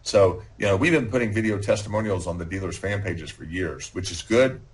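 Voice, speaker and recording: Low-voiced man pitching ideas on a podcast. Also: a little fast, slight background noise. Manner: confident, pitches ideas with frequent restarts. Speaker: podcast guest. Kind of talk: casual podcast chat.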